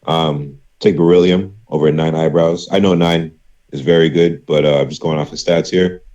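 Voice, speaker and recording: Guest, male, very low voice, easygoing chatty delivery. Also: fairly even intonation, warm tone, lo-fi sound. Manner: easygoing, filler-heavy, quick picks. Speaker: guest panelist. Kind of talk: casual panel chat.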